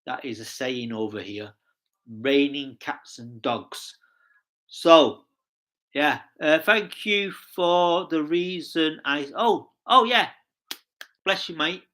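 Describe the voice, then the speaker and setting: A man's voice: fairly high pitch, lively intonation, takes it slowly, pushed and bright. An English man chatting casually on a live stream, rambling cheerfully and talking to his viewers in the chat. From England. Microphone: streaming setup mic.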